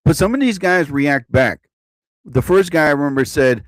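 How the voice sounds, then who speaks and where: Animated, cursing live-streamer man. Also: a little high, fairly quick, dry recording. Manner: animated, profane, repeats himself. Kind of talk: rambling live-stream rant. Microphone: own desk mic.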